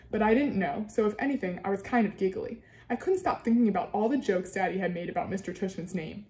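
A woman's voice: medium pitch, a little mellow, echoey room. A woman teacher reading a children's novel aloud, giving the characters livelier voices.

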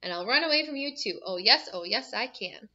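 A woman's voice: a little high, lively intonation, a little fast, pushed and bright, lo-fi sound. A woman voicing a cheeky, boastful gingerbread cookie boy who chants taunting rhymes. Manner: taunting sing-song chant.

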